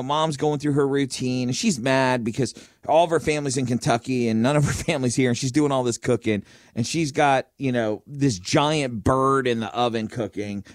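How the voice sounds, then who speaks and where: A middle-aged man from Florida, a podcast host, telling an animated story in casual chat with a chuckle now and then. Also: medium pitch, dry recording, studio quality.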